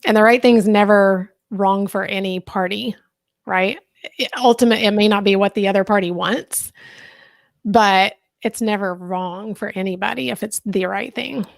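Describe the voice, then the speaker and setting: A woman's voice: mid-range voice, fairly even intonation, normal speed, gravelly, no room sound, clean studio sound. A woman co-hosting a motivational podcast, speaking in a reflective, reassuring way. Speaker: podcast co-host. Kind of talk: casual podcast discussion.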